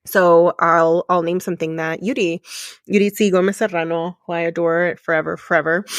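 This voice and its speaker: A woman's voice: on the low side, dry recording. A middle-aged woman speaks straight to her podcast listeners, open and heartfelt, with her feelings close to the surface. She leans on repetition to drive her points home. The close mic leaves her voice dry, with no room sound at all. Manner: emotional, candid, earnest; repetitive and emphatic. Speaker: podcast host. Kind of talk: solo podcast coaching talk.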